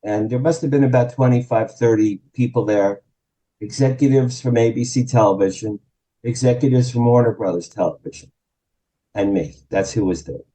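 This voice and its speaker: A man from New Jersey in his sixties, telling an animated anecdote as a guest on an interview show and acting out the quotes. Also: medium pitch, normal speed, poor audio. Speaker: guest, publicist and author. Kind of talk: storytelling in an interview.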